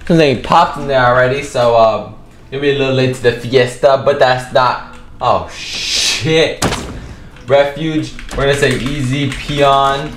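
A man's voice: medium pitch, steady tone, measured pace, fairly bright tone, echoey room, a little hiss or hum. Trash-talking male game streamer. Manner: profane, taunting trash talk. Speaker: gaming video host. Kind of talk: gameplay commentary.

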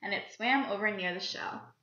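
A woman reading a children's picture book aloud with lively character voices and little asides to young listeners. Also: mid-range voice, normal speed. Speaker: children's story reader. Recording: lo-fi recording in an echoey room.

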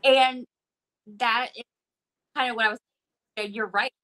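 A woman's voice: fairly high pitch, steady tone, measured pace, fairly bright tone, rough recording. A woman hosting a casual live-streamed talk about her daughter, speaking in a rambling way with many restarts. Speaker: host, mother.

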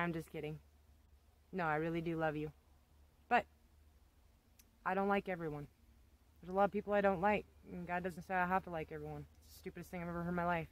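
In a fairly low voice, a woman vlogger delivers a blunt, rambling, unscripted rant to camera, swearing casually and throwing in emphatic asides. The recording is rough.

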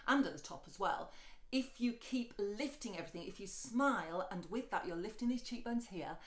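A woman teaching singing, chatty and encouraging, talking straight to the viewer. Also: roomy sound. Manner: switches between speech and light, high sung lines. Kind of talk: singing lesson with sung demonstrations.

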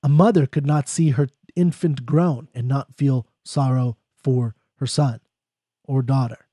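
Guy talking through a poem, warm mellow voice, dry close sound, chatty and thinking out loud. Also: mid-range voice, steady tone, husky, no room sound. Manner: conversational, thinks aloud, reads verse lines slowly. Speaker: poetry explainer. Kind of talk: casual spoken lecture on a poem.

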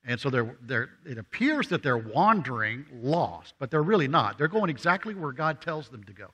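A man's voice: medium pitch, sing-song, moderate pace, a bit bright, breathy edge. A man preaching a sermon in a church, talking conversationally and asking the congregation questions. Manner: acts out voices of people in the story. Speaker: guest preacher. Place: church sanctuary.

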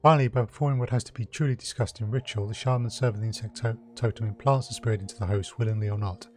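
A man's voice: lowish voice, steady tone, racing, soft background music, lightly acted. Flamboyant, mocking male elf in a video game, lecturing theatrically, read by a man.

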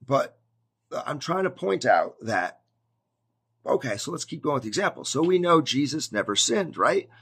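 A man giving a casual, conversational sermon to his viewers, animated and prone to acting out scenes. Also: medium pitch, moderate pace, husky. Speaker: preacher.

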